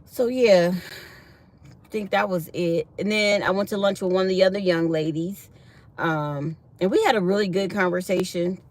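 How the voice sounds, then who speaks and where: A middle-aged woman vlogging a casual morning chat from her truck, telling stories in an animated, chatty way. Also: fairly low pitch, moderate pace.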